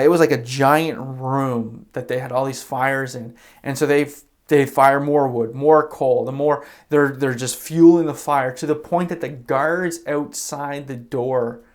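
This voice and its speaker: A man preaching a sermon as pastor, retelling scripture in a casual, conversational way and briefly acting out the characters' lines. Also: medium pitch. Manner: casual storytelling, acts out quoted characters; conversational with fillers like "you know" and "like".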